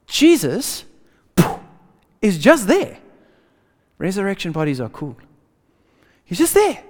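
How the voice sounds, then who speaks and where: Animated high-voiced preacher in a big hall. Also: male voice. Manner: animated, casual slang, dramatic swings from loud to hushed. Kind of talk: lively sermon. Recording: long hall reverb.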